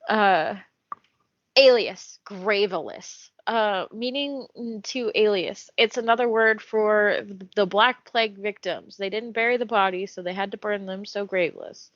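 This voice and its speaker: A woman's voice: mid-range voice, unhurried, dry recording. A woman hosting a casual podcast, reading a character profile aloud with laughing asides. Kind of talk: casual chat. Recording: dull, dry podcast audio.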